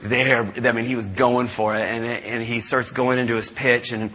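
A middle-aged man preaching, telling a story with lively asides and acting out the people in it. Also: mid-range voice, moderate pace. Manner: animated, acts out callers in raised voices. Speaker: pastor. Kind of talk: sermon storytelling. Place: church service.

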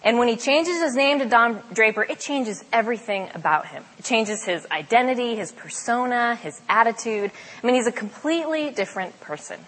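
A woman's voice: a little high, animated, a little fast, fairly bright tone. A young woman on a campus ministry staff giving a casual, chatty sermon talk with frequent fillers. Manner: chatty, self-deprecating, with fillers. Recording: long hall reverb.

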